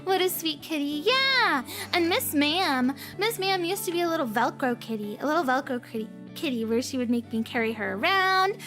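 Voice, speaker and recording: A woman's voice: high-pitched, animated, fairly quick, few pauses, fairly bright tone. A woman streamer chatting casually in a bubbly, rambling, playful way. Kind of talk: casual chat. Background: faint background music.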